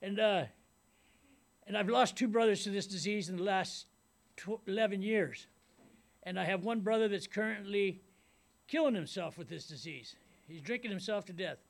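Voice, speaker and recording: A middle-aged man tells his story to a room full of people at a recovery meeting. His voice is pitched high with a gravelly texture. He rambles casually and keeps checking in with his listeners. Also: moderate pace, pauses often. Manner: rambling and casual, with many "man" and "you know what I mean". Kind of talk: personal recovery talk to a meeting. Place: meeting room before a live audience.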